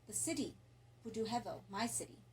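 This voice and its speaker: A woman voicing a dying foreign man with a thick accent, speaking softly and slowly in pain. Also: high voice, slight background noise, close to an everyday voice, low-quality recording. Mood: riddling. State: weak, in pain.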